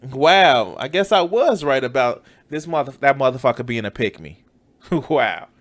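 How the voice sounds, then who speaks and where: A reaction streamer with a medium-pitched, expressive voice comments on a video at a moderate pace, mocking its creator. He sounds exasperated and swears often throughout his commentary.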